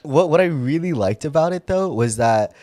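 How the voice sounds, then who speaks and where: This young man co-hosts a podcast, speaking at a moderate pace in a fairly high voice with no echo. He tells a story in casual, animated chat, laughs a lot, and acts out his own nervous voice.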